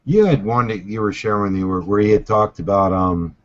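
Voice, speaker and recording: A man in casual livestream chat, low-key and mumbling, over lo-fi stream audio. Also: a little fast.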